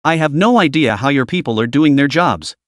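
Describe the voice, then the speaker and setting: A man voicing a scornful, impatient male superior who scolds quickly. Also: a little high, animated, no echo, studio quality, lightly acted.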